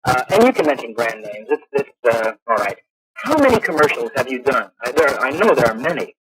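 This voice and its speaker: A man hosting a radio interview, talking eagerly and haltingly with many restarts, on an old radio broadcast. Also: medium pitch, sing-song, music in the background, rough recording. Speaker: radio show host. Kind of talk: casual interview.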